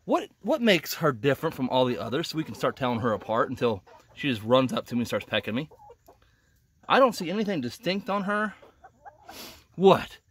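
A man's voice: mid-range voice, big pitch swings, a little fast, a bit bright, breathy edge, dry recording. A man vlogging casually from inside a chicken coop in a greenhouse, a little out of breath, chatty and laughing often. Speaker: homesteading vlogger. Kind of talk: casual walk-and-talk vlog. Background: chickens clucking.

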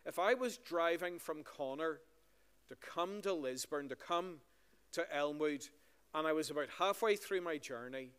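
Fairly high, a bit bright, clear and resonant, his voice moves a little slowly through a story-style talk for children. This Northern Irish pastor questions the kids warmly during the service, and the large church hall lingers in long reverb.

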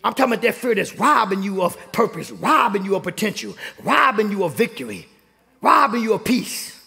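A young man preaches in a church sanctuary, working the room with call-and-response and climbing into shouts. His voice sits very high and carries a gravelly rasp. The delivery is a full sermon to the congregation. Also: very animated, fairly quick. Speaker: pastor.

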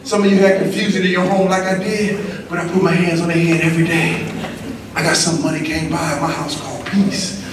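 A middle-aged man from California giving an energetic, slangy motivational speech at a school assembly, calling back and forth with the audience. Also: on the high side, brisk. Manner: energetic, slangy, call-and-response with the crowd. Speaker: motivational speaker. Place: large echoey school auditorium. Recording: very echoey hall, distant mic, noisy.

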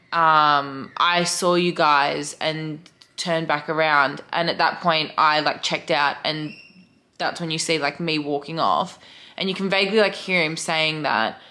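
A young woman with an Australian accent, vlogging casually, animated and swearing freely with lots of "like" fillers. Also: on the low side. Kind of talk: casual vlog storytelling.

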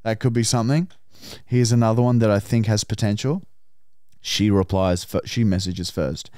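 A man's voice: fairly low pitch, moderate pace, no echo, studio quality. Man reading out dating-app messages. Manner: reads messages aloud in animated put-on voices, swearing freely. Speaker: podcast co-host.

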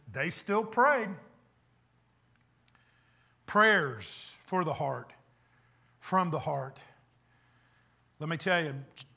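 High, bright-voiced preaching pastor. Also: male voice. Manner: emphatic, rhetorical questions to the congregation. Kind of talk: sermon.

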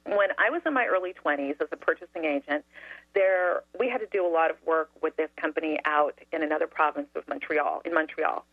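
A woman telling a story as a talk show guest, animated and laughing often. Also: low voice, brisk, dry recording. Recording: dry tinny phone line.

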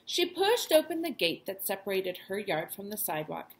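Expressive woman reading a storybook. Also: mid-range voice, moderate pace. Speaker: teacher. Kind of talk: reading a children's chapter book aloud.

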